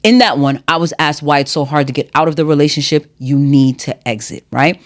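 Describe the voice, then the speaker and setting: A woman's voice: low-pitched, brisk. A woman hosting a solo podcast, talking to her listeners in a chatty, playful way while teaching at a whiteboard. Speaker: podcast host.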